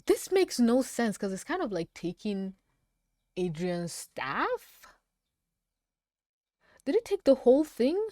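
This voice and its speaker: A woman's voice: on the high side, sing-song, slow pace, long pauses, warm tone, no echo, clean studio sound. A woman reviewing a cartoon episode in reaction commentary, swearing freely, ranting, and often breaking into laughter. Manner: profane, laughing often, rants. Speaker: animated series reviewer.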